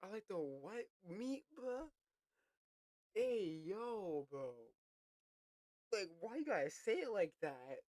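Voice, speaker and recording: A man's voice: sits high, big pitch swings, slow pace, long pauses, a little mellow, dry recording. A young man hosting a reaction video, talking casually, laughing a lot, swearing freely and repeating lines back.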